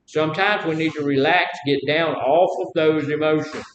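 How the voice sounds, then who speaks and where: A man with a Southern drawl teaches a live class, folksy and fond of quizzing his listeners. His voice sits a touch high. The room is echoey, with a faint rumble underneath. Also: steady tone, moderate pace. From Mississippi. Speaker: class instructor. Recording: roomy echo, faint rumble.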